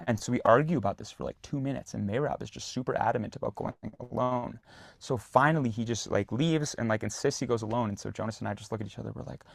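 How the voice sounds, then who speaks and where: Animated young man telling stories. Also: medium pitch, quick pace, gravelly, no echo. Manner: animated storyteller, loose and filled with "like". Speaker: guest, actor and singer. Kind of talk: casual storytelling in a podcast interview.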